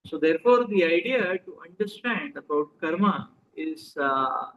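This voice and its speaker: A man with an Indian accent and a high voice delivers a relaxed, talkative sermon. He keeps checking in with his listeners through questions and drops Hindi phrases into his English. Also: measured pace, muffled recording, a little hiss or hum. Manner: conversational, asks the audience questions, mixes in Hindi. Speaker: spiritual teacher. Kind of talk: sermon to a live audience.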